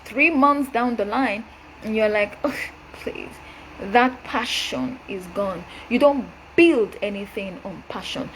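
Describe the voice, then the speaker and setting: Woman delivering a forceful preachy rebuttal. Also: a little high, a little hiss or hum, low-quality recording. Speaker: show host. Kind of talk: direct-address rebuttal monologue.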